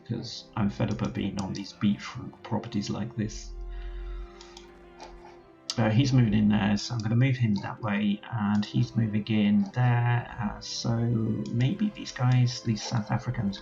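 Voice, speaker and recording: A man's voice: fairly low pitch, gravelly, darkish tone, highs cut off. A man commentating a strategy game let's play, thinking aloud as he gives orders to his units. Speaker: gaming channel host.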